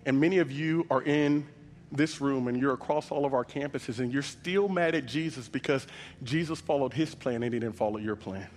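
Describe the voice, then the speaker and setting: A man's voice: mid-range voice, normal speed, slight background noise. A male pastor telling a Bible story in a sermon with dramatic storytelling, speaking in a large church auditorium. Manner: dramatic storytelling, acts out voices. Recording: long reverb of a large hall with soft music.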